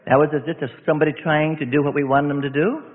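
A man's voice: a little high, fairly even intonation, quick pace. A male preacher giving an emphatic sermon in a church assembly hall, often breaking in with "see?". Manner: emphatic, repetitive, keeps asking "see?". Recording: echoey hall, tinny phone-like sound.

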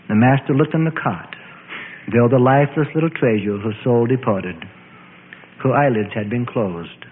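A man reading a scripture story aloud in an expressive, dramatic storytelling way. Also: mid-range voice, moderate pace, a little hiss or hum. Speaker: narrator. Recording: tinny, echoey lo-fi radio audio.

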